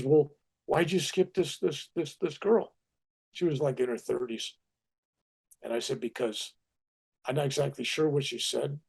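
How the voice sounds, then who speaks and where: An older man, a spiritual teacher, telling anecdotes in a relaxed conversation and acting out the quotes he tells. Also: mid-range voice, vocal fry, slightly rough. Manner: animated anecdotes with acted-out quotes. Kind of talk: storytelling in conversation.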